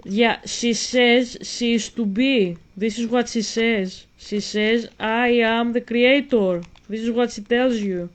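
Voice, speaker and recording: Slow insistent woman vlogger. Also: on the high side, steady tone. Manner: slow, insistent, repeats herself while explaining. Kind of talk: spoken commentary on a video.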